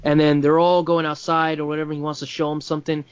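A man's voice: on the high side, flat delivery, fast, smooth, no room sound, highs cut off. A man in casual film talk, rambling with many restarts and fillers.

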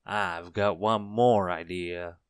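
A kindly, calm gentleman in a storybook, speaking in a slow, reassuring, measured way, as a man reads him. His voice stays low and unhurried, close to the reader's own. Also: smooth, no echo.

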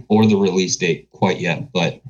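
A man's voice: sits low, a little slow, a little mellow, lo-fi sound. A man in casual chat, making dry, matter-of-fact remarks.

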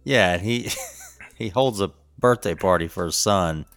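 Middle-aged male podcast co-host, very low voice, rambling chuckly storyteller. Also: a little slow, fairly bright tone, faint music behind. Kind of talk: casual chat.

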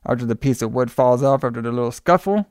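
Guy rambling through a movie recap, smooth clear voice, dry sound. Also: mid-range voice, fast talker, no echo. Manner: loose and rambling, with many fillers and playful asides. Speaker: podcast host recapping a film. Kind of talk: casual movie recap chat.

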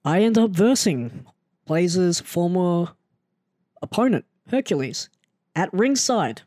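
A man telling a story in a casual, animated and self-mocking way, often jumping into an excited higher voice. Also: takes it slowly, no echo, clean studio sound. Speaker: storyteller recounting his wrestling start.

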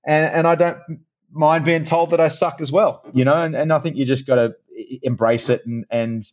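Chatty Australian man, animated storyteller. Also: fairly high pitch, moderate pace, dull audio. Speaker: guest, actor and presenter. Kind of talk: casual podcast interview.

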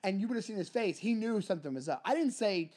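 A man, co-hosting a podcast and telling a story in casual chat, acting out other people in high voices. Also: expressive, fast talker, a little mellow. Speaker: podcast co-host, comedian.

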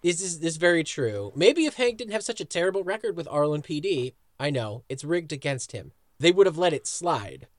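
A man with a fairly high, lively voice chats casually as a podcast co-host, easygoing and agreeable. The sound is close and dry, with no room around it. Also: a little fast, hardly any pauses, no room sound. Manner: agreeable, laughs easily. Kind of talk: casual episode review chat.

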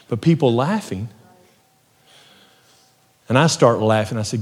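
Male preacher, testimony sermon, moves from hushed to fervent, mid pitch, reverberant hall. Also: a little slow, long pauses. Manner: storytelling, swings from hushed to rising fervor.

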